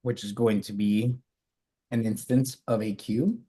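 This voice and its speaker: A man's voice: on the low side, steady tone, measured pace, warm tone. A man teaching a live coding lesson, talking through his code step by step and correcting himself as he goes. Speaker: coding instructor.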